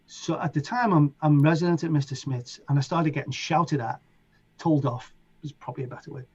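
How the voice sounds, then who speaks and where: A middle-aged man with a Liverpool accent chats as an interview guest, spinning his stories with lively energy and acting out voices and sounds along the way. His voice sits a touch high and has a husky grain. The recording sounds dull and lo-fi. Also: brisk. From England. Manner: animated, acts out voices and sounds in anecdotes. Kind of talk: casual storytelling.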